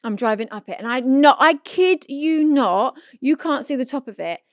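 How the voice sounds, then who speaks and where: High-voiced woman telling a story. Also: moderate pace, dry recording, studio quality. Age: 30s. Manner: animated storytelling, reenacting her own panic. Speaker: podcast co-host. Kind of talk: casual podcast chat.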